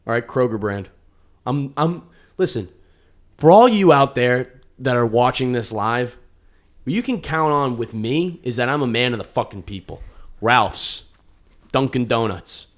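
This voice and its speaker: A young American man co-hosting a comedy podcast, talking loudly and swearing, with mock grand proclamations. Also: medium pitch, animated, a little slow. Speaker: podcast co-host. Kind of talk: casual chat.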